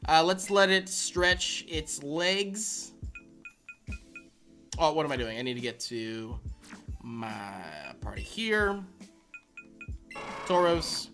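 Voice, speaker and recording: Excitable streamer with lively, bright voice. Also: male voice, slow, pauses often, faint music behind. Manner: excitable, bursts into high squeals and laughter; rambling chat to viewers with fillers. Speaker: game streamer. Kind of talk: live-stream shiny-hunt reaction.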